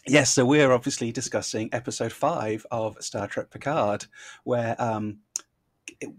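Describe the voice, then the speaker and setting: A man's voice: medium pitch, a little slow, dry recording, studio quality. A man hosting a podcast discussion, wry and dryly joking, with some "um"s. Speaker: podcast host. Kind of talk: casual chat.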